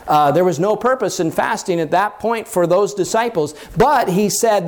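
A pastor preaches a sermon in an earnest teaching tone, speaking at normal speed with hardly any pauses. He uses fillers and restarts, and his pitch rises when he quotes scripture.

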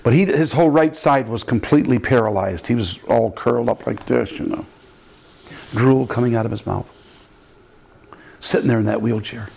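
A man's voice: moderate pace, vocal fry, long pauses, slightly rough. An older man, a pastor, telling a story in a sermon and acting out the people in it with big jumps in his voice. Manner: animated preaching, acting out quotes with big pitch jumps.

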